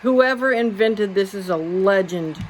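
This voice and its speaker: A woman ranting casually to her viewers, blunt and animated, swearing freely, recorded on a phone indoors at a friend's house. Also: mid-range voice, a little slow, slight background noise. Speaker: vlogger.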